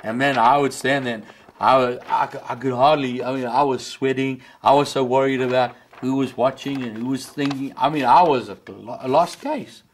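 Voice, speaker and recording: A middle-aged man, a pastor with a South African accent, preaching a sermon and jumping up in pitch on the words he stresses. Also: steady tone, moderate pace, a little hiss or hum. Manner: impassioned preaching, rising high on key words.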